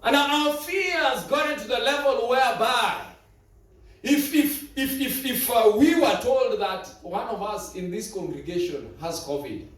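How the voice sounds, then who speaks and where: A man's voice: very high voice, a little slow, a bit bright. A male preacher delivering a sermon in a church, telling stories dramatically and repeating words for emphasis. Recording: echoey church from far off.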